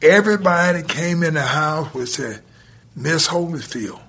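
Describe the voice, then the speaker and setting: Here a man's voice sits on the high side, slightly rough and a bit bright, with lively intonation. Appearing as a podcast guest, he spins out a long story about himself, repeating "he said" and "I said" throughout.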